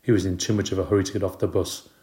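Low-voiced man reading a storybook. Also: level tone, racing, dark tone. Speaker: audiobook narrator. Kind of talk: storybook narration.

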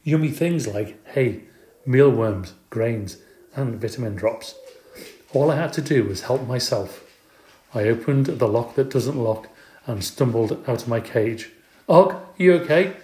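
A man narrating a children's storybook in an expressive, playful way. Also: mid-range voice, a little slow. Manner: expressive, playful, does character voices. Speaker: audiobook reader. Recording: echoey room.

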